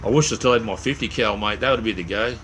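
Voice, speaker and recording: Quick and a bit bright, his voice sits on the low side, with a little hiss or hum present. An Australian man hosting a late-night livestream, he's tired from little sleep and rambles loosely with viewers, stuffing in fillers, friendly slang, "um," and "mate."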